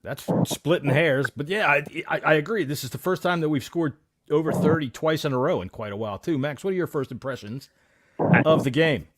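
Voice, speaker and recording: A man's voice: a little high, a little fast, dry recording. A man hosting a casual sports podcast, joking, teasing and swearing. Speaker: podcast host.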